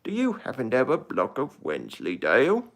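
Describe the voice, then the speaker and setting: A man doing an impression of a cheerful, cheese-loving middle-aged British inventor, chirpy and excitable. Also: medium pitch, normal speed. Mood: excited.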